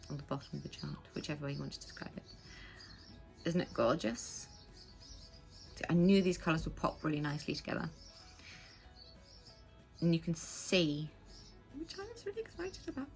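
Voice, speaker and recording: An English woman chatting casually as the host of a knitting podcast, rambling with quick asides. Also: low-pitched, vocal fry, faint music behind. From England. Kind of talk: casual chat. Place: home.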